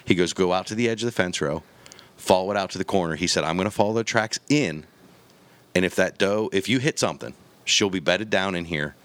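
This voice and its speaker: Brief: man, low voice, podcast guest, lively storyteller who does the sound effects himself, dry close mic. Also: fairly quick, dry recording. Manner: animated storyteller, acts out gunshots and quotes. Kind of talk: casual storytelling chat.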